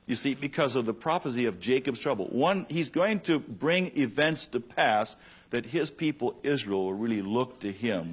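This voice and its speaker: A man preaches a Bible sermon on the radio with a slightly husky, breathy voice at a middle pitch. He presses hard on key lines and then drops to a near hush, earnest and urgent throughout. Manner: impassioned preaching, swinging from loud to hushed. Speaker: pastor.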